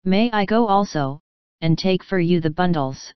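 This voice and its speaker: A woman voicing a kindly older German professor who speaks in halting, formal, earnest phrases. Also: lowish voice, expressive, clear, resonant tone, no echo, dull audio, natural voice.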